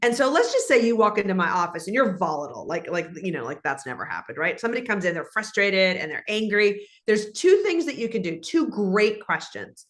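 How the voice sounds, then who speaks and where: A woman guest on an interview show explains her advice in an animated, instructive way. Her voice sits in an ordinary middle pitch for a woman. She talks like a coach walking a listener through examples. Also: brisk, hardly any pauses. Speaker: guest, leadership speaker. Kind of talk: conversational interview.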